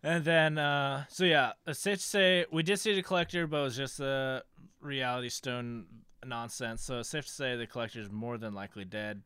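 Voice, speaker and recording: A man casually recapping a movie plot on a podcast, with animated, playful storytelling and frequent laughs. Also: mid-range voice, moderate pace, smooth, dry recording, clean studio sound. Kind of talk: casual film recap chat.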